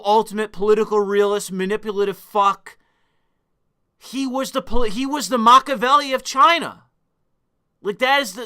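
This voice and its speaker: Combative and profane, this man streams live and argues readily with his chat while cursing along the way. He speaks with a high-pitched, bright, sharp voice whose tone stays smooth and clear.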